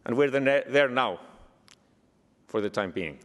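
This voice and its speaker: A man's voice: mid-range voice, measured pace. A man with an Icelandic accent giving a keynote speech, telling stories with dry humor. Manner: lively storytelling with dry humor. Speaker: keynote speaker. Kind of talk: speech to an audience. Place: large museum hall. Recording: echoey hall reverb.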